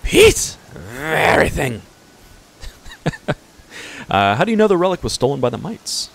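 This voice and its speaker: A man's voice: medium pitch, sing-song, fast talker, gravelly. A man in his twenties doing casual let's-play commentary, reading dialogue aloud with hesitant fillers. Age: 20s. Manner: hesitant with fillers, chuckling asides.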